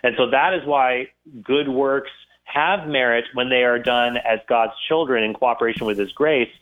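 A man's voice: mid-range voice, normal speed. A man talks through listener questions on a live call-in show in an earnest, explanatory way, often restarting his sentences. His voice comes over a thin, phone-like line. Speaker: guest apologist. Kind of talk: casual radio call-in answers.

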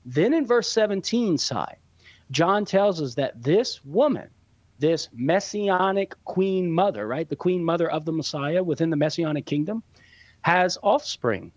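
Measured teacherly man, muffled audio. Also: a little high, lively intonation, dry recording. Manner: measured, teacherly, explains step by step. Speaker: guest Catholic apologist answering questions. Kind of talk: radio Q&A explanation.

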